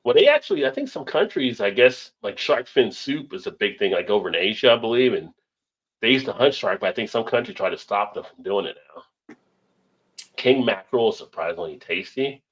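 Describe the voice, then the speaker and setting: A man in his thirties hosts a relaxed chat show, reading out viewer comments and wandering off on tangents. His voice sits low but swings widely in pitch, and he laughs often as he talks. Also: brisk, muffled recording. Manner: laughs often, rambling and animated. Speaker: show host.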